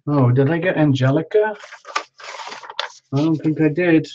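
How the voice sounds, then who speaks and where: A man chats his way through a live tarot stream, thinking out loud and greeting viewers by name. The sound is dull and lo-fi, with a faint hiss of noise behind him. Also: fairly high pitch. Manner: chatty, self-talking, reads out viewer names.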